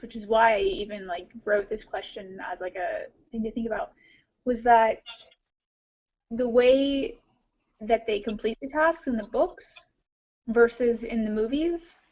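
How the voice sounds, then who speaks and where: A woman co-hosting a podcast, talking casually and rambling with many fillers. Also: a little high. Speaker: podcast co-host. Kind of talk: casual discussion. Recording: dull lo-fi audio.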